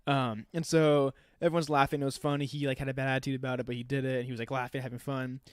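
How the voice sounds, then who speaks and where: A man's voice: mid-range voice, level tone, fast, clean tone, no room sound, clean studio sound. A man in his twenties, a podcast co-host and youth leader, telling a story in casual chat, rambling with lots of "like" and laughing as he talks. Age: 20s. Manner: rambling, heavy use of "like", laughs while telling.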